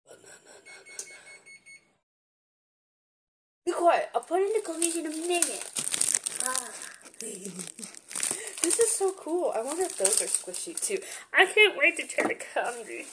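A young woman unboxing gifts in a vlog, gushing and excitable, gasping and giggling as she talks. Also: high-pitched, moderate pace, noisy background. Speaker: vlogger opening gifts.

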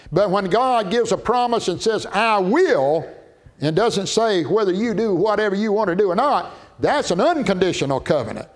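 A man preaching a Baptist sermon as pastor, emphatic and drawn out, rising at times to shouts. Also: high voice.

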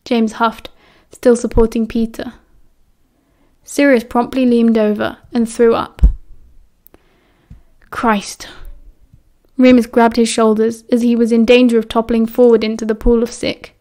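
A woman reading a story aloud as an audiobook narrator in a quiet, even way. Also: a little high, moderate pace. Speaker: audiobook reader.

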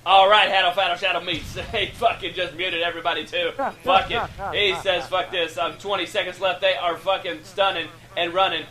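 A man giving excitable, profane, joking play-by-play commentary over an online shooter match. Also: high-pitched, brisk, hardly any pauses. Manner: excitable, hyped, laughing, swearing freely. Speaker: gameplay shoutcaster.

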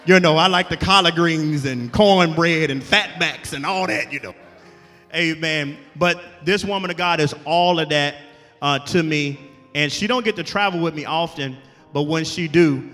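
A man, a guest pastor preaching a sermon with call-and-response and rising shouts. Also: on the high side. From Alabama, USA. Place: church sanctuary. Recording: echoey church hall with music behind.

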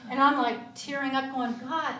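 A woman giving an animated testimony and teaching in a Sunday school class, speaking emphatically in a church room. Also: sits high, moderate pace, slight background noise. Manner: animated, emphatic storytelling with laughs. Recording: echoey room, far from the mic.

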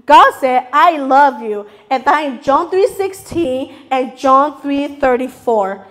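A woman's voice: sits high, slow pace, a bit bright. A woman preaching a sermon in English, her third language, earnest and open, often checking in with the audience. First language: not English (English is her third language). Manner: earnest, confessional, asks the audience "okay?" often.

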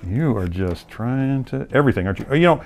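A man at a middle pitch walks through a card game's rules as he plays a round. He talks in a playful, teasing way and ribs his opponent between moves. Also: animated, fast, creaky, darkish tone, soft background music. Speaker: card game co-designer. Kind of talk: explaining rules while playing a card game.

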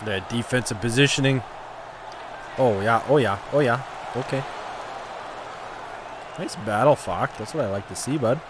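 A man giving casual, excitable commentary over his own gameplay, cheering and trash-talking the players. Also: medium pitch, moderate pace, pauses often, crowd noise, background noise. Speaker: gaming commentator.

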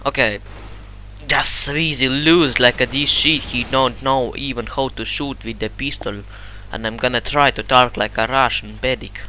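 Man, non-native English, gameplay commentary, very bright voice, excitable and swearing, halting phrasing. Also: medium pitch, a little hiss or hum. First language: not English. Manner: excitable, cursing, sudden shouts at the game. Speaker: gamer.

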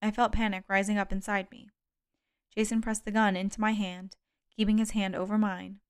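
A woman reading a first-person thriller audiobook in a measured, steady narration. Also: medium pitch, smooth. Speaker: audiobook reader.

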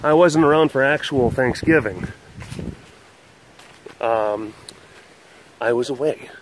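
Casting note: a chatty male host walking an animal compound outdoors, average-pitched voice, rambling and animated, slips into baby talk with the animals. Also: takes it slowly, slight background noise. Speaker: host of an animal facility webcast. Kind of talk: casual vlog chat.

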